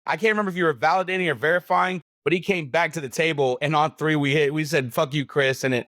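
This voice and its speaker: A man's voice: on the high side, fairly even intonation, fast talker, a bit bright, dry recording. A man co-hosting a poker podcast in casual banter. He is laid-back and slangy and laughs often. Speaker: podcast co-host running the picks.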